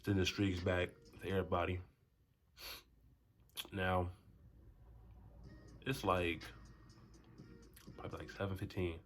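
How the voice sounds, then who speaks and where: A young man tells a story in a casual storytime vlog, animated and slangy. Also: takes it slowly, long pauses, faint music behind. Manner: animated, swings to high voices for quotes. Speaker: storyteller vlogger.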